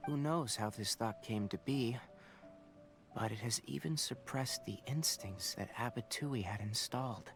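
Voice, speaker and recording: An actor voicing a calm, somber young male scholar in a video game, explaining things in a measured way. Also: mid-range voice, faint music behind, lightly acted.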